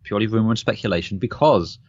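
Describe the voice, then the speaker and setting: A man's voice: on the low side, fast talker, darkish tone, slightly rough, no room sound, lo-fi sound. A man co-hosting a podcast, chatting casually and laughing often. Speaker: podcast co-host. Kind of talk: casual chat.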